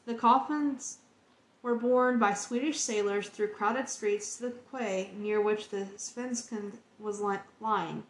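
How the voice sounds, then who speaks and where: A woman's voice: medium pitch, roomy sound. A woman hosting a podcast, reading encyclopedia entries aloud in an earnest, heartfelt way. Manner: earnest, emotionally moved reading.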